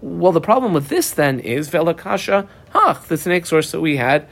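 A man's voice: a little high, expressive, moderate pace, vocal fry, fairly bright tone. A man teaching Talmud in a casual lecture, reading through the text in a folksy way and mixing in Hebrew and Aramaic terms.

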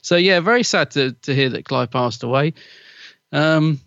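A man's voice: a little high, normal speed, a bit bright, no echo, highs cut off. A man co-hosting a podcast, chatty and gossipy, often laughing as he talks. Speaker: podcast co-host. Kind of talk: casual chat.

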